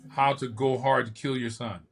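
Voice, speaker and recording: A man's voice: mid-range voice, moderate pace, vocal fry. An older man, a podcast host and former bodybuilder, telling stories casually and acting out the quotes. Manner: lively storyteller who acts out quotes. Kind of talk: casual storytelling.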